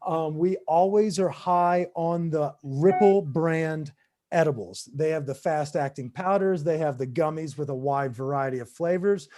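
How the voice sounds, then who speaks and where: Male podcast co-host, high-pitched, loose and enthusiastic. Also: unhurried, warm tone. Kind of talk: casual podcast chat.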